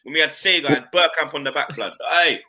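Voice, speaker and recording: A man in casual football banter, animated and slangy, swearing often and leaping into mocking impressions. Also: a little high, quick pace, over a noisy crowd.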